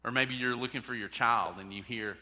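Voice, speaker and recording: A man's voice: mid-range voice, fairly even intonation, fairly quick, sharp tone, in a large hall. A man preaching a sermon as a pastor, talking in a conversational way and asking the congregation direct questions.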